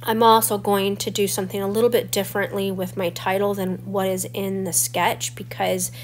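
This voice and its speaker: A woman in her forties talks through a crafting tutorial in a chatty, explanatory way. Her voice sounds stuffy and a little crackly from a cold. Her pitch sits in a middle range, and a faint hum runs underneath. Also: flat delivery, moderate pace. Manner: chatty and explanatory, walking through each step. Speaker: scrapbooking channel host.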